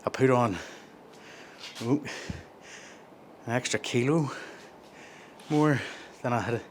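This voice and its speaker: A man's voice: medium pitch, takes it slowly, a little hiss or hum. A man, chatting casually between sets in a gym and rambling through his explanations with plenty of self-corrections. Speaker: gym vlogger.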